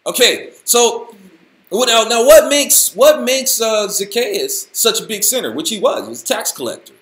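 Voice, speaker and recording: A man hosting a casual Bible study, talking in an animated, folksy, slangy way. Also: very high-pitched, normal speed, roomy sound. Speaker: host, Bible teacher.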